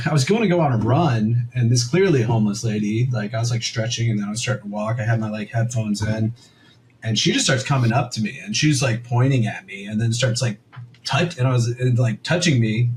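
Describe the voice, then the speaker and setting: A man's voice: medium pitch, fairly quick, darkish tone, slight background noise, low-quality recording. A young man co-hosting a podcast, telling a story in a rambling, casual way full of "like" and quoted asides. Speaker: podcast co-host.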